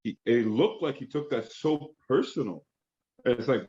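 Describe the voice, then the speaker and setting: A man's voice: medium pitch, lively intonation, normal speed, mellow. Enthusiastic man on a dull line. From Canada. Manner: enthusiastic, lots of fillers and restarts. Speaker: actor guest. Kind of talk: casual interview chat.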